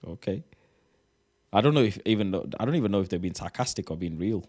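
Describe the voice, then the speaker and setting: Guy reacting to posts, fed up, swears a lot, lowish voice. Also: animated, fast, warm tone. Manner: exasperated, swearing, reading posts aloud. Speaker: reaction streamer. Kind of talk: casual reaction commentary.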